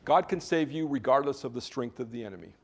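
A man's voice: mid-range voice, animated, fast, vocal fry. Casual, self-correcting male pastor preaching. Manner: informal, self-correcting, joking asides. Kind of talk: conversational sermon.

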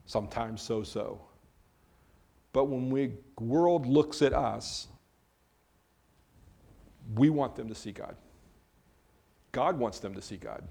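A man preaching a sermon on a Bible passage, measured and conversational as he speaks to his congregation. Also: mid-range voice, darkish tone. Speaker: pastor.

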